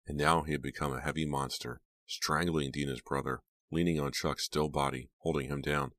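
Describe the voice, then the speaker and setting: A man reading an audiobook aloud in a steady, measured way. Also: rumbling low, dry recording. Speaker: audiobook narrator. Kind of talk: scripted audiobook narration.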